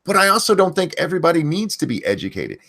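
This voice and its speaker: A man's voice: a little high, big pitch swings, quick pace, gravelly, sharp tone. A man hosting a livestream, ranting bluntly and swearing a lot. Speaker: channel host. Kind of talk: profane ranting commentary on a stream.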